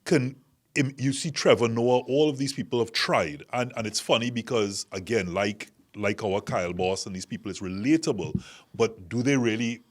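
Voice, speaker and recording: A man's voice: mid-range voice, moderate pace. A man with a Trinidadian accent hosting a casual group discussion, talking in long, reflective, winding sentences. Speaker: podcast host.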